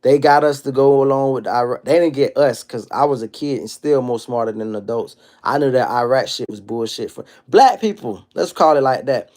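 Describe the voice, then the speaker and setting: A man in his thirties hosting a casual livestream monologue, telling stories in an animated, profane street style. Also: medium pitch, fairly quick, hardly any pauses. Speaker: livestream host.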